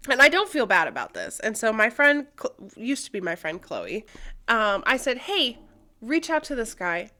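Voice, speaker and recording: A woman's voice: a little high, sing-song, moderate pace, bright, forceful tone. A young woman co-hosting a podcast, candidly telling a personal story, swearing freely and using many fillers. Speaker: podcast co-host.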